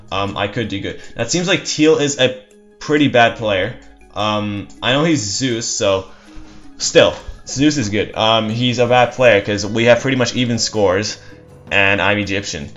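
Playing a strategy game, a man offers casual live commentary on his own match in a fairly low, somewhat bright voice. He wanders from thought to thought, self-deprecating and drily sarcastic. His dull lo-fi mic also catches faint music.

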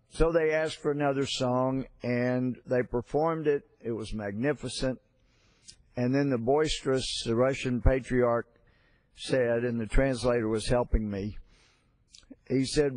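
A man's voice: mid-range voice, darkish tone, no room sound. A man giving a storytelling floor speech, hesitant with frequent fillers. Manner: storytelling, halting with fillers and restarts. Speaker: congressman.

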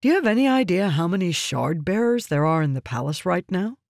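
A man's voice: high voice, big pitch swings, a little fast, vocal fry, dry recording, clean studio sound, heavily acted. A man voicing a stern, honor-bound male guard captain who speaks firmly and earnestly. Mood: skeptical. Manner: firm, raised, earnest.

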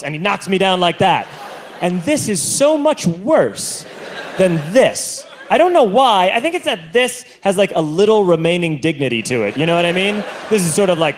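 Animated man telling stand-up stories. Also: sits high, fairly quick. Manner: animated storytelling, acting out other people. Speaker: stand-up comedian. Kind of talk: stand-up comedy set. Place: comedy stage with a laughing audience. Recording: live show with audible audience noise.

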